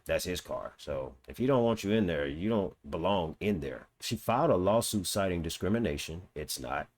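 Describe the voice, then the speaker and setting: Deep-voiced man doing mocking reaction commentary. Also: animated, moderate pace. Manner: blunt, mocking, swears, reads quotes aloud then reacts. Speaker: commentary host. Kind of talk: casual reaction commentary reading an article.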